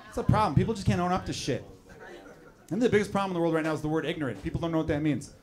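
A man's voice: a little high, very fast, noisy background. A man doing stand-up comedy on a club stage, riffing loosely and profanely on a live interruption. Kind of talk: stand-up crowd work. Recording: live club recording with crowd laughter. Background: audience laughter.

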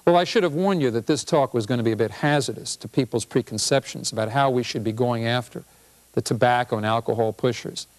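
A man, a physician and professor, giving a humorous public health talk with an animated, punchy delivery. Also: medium pitch, fast talker.

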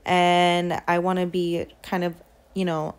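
A woman's voice: lowish voice, flat delivery, measured pace. A woman vlogging in a casual, chatty and emotional way, tired and sometimes swearing. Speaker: fitness vlogger. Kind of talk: casual vlog chat. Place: hotel room.

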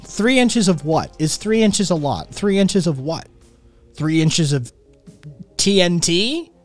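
A man's voice: high-pitched, animated, slow pace, faint music behind. A man who says he is sick and in pain, ranting with constant swearing while he reads and answers his chat. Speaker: streamer. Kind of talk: ranting live stream chat.

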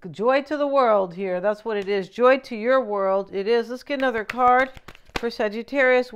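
A woman doing a casual tarot reading, chatty and lively, often asking "right?" as she talks. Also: on the high side, smooth. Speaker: tarot reader.

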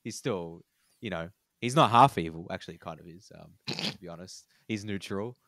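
Podcast co-host, man, very low voice, rambly, lots of "like" restarts. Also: fairly bright tone, dry recording, studio quality. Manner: rambling, halting with repeated fillers. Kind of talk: casual chat.

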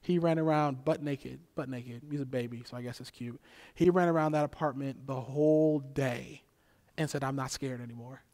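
A young man preaching a sermon as pastor, with a repetitive cadence that swings between loud exhortation and near-whispers. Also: mid-range voice, steady tone, normal speed.

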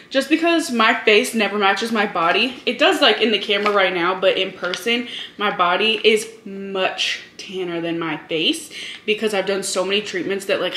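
A woman in her twenties, from Hawaii, chatting fast and heatedly to camera in a casual vlog, full of profane storytelling. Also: a little high. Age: 20s. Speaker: vlogger. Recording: echoey room with faint noise.

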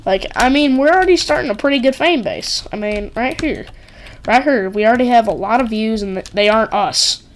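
Rambling and giggling through casual let's-play commentary, a gaming channel host speaks in a fairly high, brisk voice with slight background noise, saying "like" and "um" a lot.

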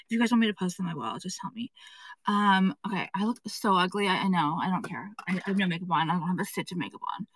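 A woman's voice: lowish voice, fast, fairly bright tone, slight background noise, rough recording. A woman who owns a fashion brand, rambling and venting in a casual phone live stream, swearing often and filling with "like". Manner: rambling and exasperated, heavy swearing and fillers. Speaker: fashion brand owner livestreaming to followers. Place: indoors at an appointment.

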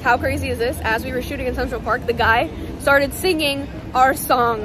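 A young woman vlogging casually, bubbly and excitable, often laughing. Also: high voice, moderate pace, noisy background. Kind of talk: casual vlog chat.

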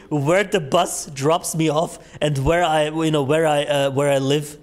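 A young man streaming a horror game breaks off into a rambling, profanity-laced story. He piles on fillers and restarts and laughs at his own telling. His voice sits a little high for a man. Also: steady tone, a little slow. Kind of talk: casual gaming stream storytelling.

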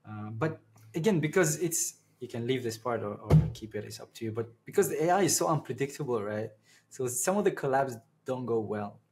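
A man who is a content creator, chatting casually as a guest in an interview and telling stories with lively energy. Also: mid-range voice, a little fast, faint music behind. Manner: lively storyteller, speeds up when excited.

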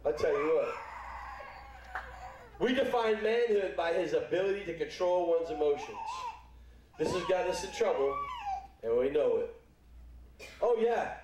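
A man's voice: on the high side, darkish tone, far from the mic, a little hiss or hum. A middle-aged man preaching a sermon in a church, folksy and playful, acting out little voices as he speaks. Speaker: pastor. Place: church sanctuary. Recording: echoey church hall, speaker away from mic.

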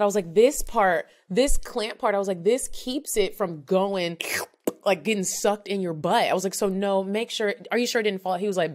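A woman's voice: medium pitch, expressive, fairly quick, a little mellow. A woman in her thirties telling a story frankly and with animation on a podcast, acting out both sides of the talk. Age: 30s. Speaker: podcast co-host. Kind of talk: casual storytelling chat.

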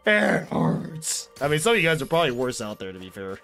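A young man streaming a video game, rambling loudly to chat, swearing and bursting into yells. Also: mid-range voice, lively intonation, rapid-fire, faint music behind. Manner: loud, rambling and profane, bursts into yelling. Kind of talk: casual live-stream chat while gaming.

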